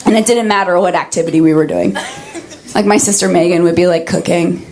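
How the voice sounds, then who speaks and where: A woman's voice: lowish voice, steady tone, brisk, darkish tone, a little hiss or hum. A woman doing a stand-up routine, telling a profane family story with mimicked quotes. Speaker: stand-up comedian.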